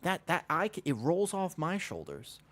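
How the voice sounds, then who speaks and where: A man's voice: on the high side, wildly swooping pitch, normal speed, a bit bright. A man chatting casually to his live stream audience, rambling with frequent restarts.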